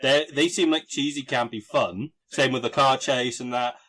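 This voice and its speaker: A man's voice: mid-range voice, steady tone, moderate pace, a bit bright. A man hosting a casual podcast, talking wryly and sarcastically about old films, swearing now and then. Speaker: podcast host. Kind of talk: casual chat.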